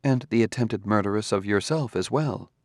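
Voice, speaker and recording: An actor playing a calm, precise male humanoid robot detective who speaks in a measured, formal way. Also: on the low side, dry recording, clean studio sound, close to an everyday voice. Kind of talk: audiobook character reading.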